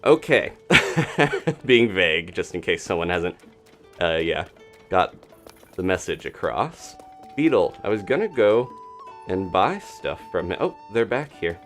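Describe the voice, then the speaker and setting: A man with a low voice gives casual commentary while he plays a game on a live stream. His delivery is lively and swings up and down, chatty and cheerful. Faint game music plays behind him. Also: unhurried, long pauses. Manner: chatty and upbeat, laughs often, greets chat.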